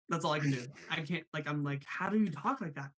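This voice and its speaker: A man hosting a live stream in a casual, chatty way, apologetic and quick to laugh. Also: fairly high pitch, lively intonation, a bit bright, slight background noise.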